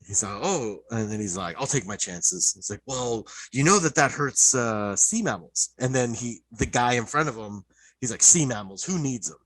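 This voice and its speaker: Excited husky man retelling cartoons. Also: medium pitch, normal speed, no room sound, low-quality recording. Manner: excited, profane storytelling, many "like" fillers. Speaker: podcast co-host. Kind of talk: casual chat.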